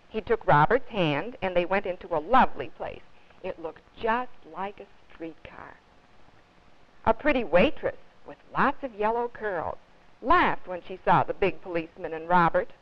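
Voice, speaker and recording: Expressive woman reading a children's book. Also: fairly low pitch, moderate pace. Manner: expressive storytelling. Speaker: children's librarian. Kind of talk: reading a picture book aloud. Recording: dull lo-fi 1950s TV audio.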